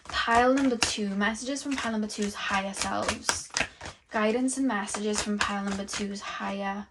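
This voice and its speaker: Slow, dreamy young woman reading tarot. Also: medium pitch, steady tone, heavy background noise. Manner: slow, dreamy, musing channeling talk. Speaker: tarot reader.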